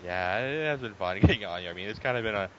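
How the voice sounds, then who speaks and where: A man on a casual podcast, talking in a hesitant, halting way. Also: lowish voice, animated, muffled recording, slight background noise. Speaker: podcast co-host. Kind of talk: casual chat.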